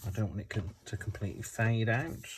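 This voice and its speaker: A man's voice: fairly low pitch, brisk, a little hiss or hum. A man hosting a casual craft tutorial, chatting and rambling to himself as he works. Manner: chatty, rambling, self-talking while working.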